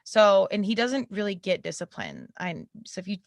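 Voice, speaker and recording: A woman's voice: mid-range voice, huge pitch swings, normal speed, vocal fry, no room sound, studio quality. A young adult woman hosting her own podcast, talking candidly and conversationally, with a laugh slipping in now and then. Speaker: podcast host. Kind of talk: personal podcast monologue. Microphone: podcast mic.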